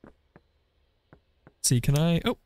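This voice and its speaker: A man's voice: very slow, a little mellow. A young man joking his way through a game playthrough with playful commentary. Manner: playful, joking, frequent laughs. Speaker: gaming video creator.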